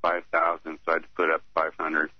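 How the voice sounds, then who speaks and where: Caller, male, very low monotone voice, reads haltingly with fillers, dry dull lo-fi line. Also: slightly rough, no room sound. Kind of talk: reading an account aloud by phone.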